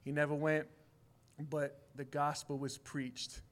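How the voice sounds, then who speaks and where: A man's voice: fairly high pitch, little pitch movement, slow, a bit bright. A man in his forties sharing a heartfelt personal testimony at church in casual everyday speech, growing emphatic. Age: 40s.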